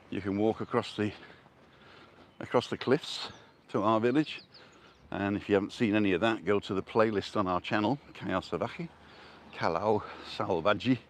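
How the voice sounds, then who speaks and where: An older man with a voice on the low side live-streams while walking outdoors on a street, chatting casually and answering viewers' comments along the way. There's slight background noise.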